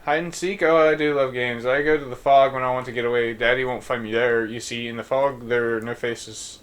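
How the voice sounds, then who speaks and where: A man's voice: medium pitch, steady tone, brisk, close to an everyday voice. A man putting on an aging music-hall singer who acts childlike. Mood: dreamy. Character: elderly woman singer acting like a little girl.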